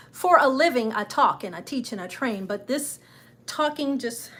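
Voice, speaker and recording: A woman's voice: fairly high pitch, expressive, measured pace, fairly bright tone. A middle-aged woman chatting casually on a travel livestream, a little nervous and self-deprecating. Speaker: travel vlogger and travel agent.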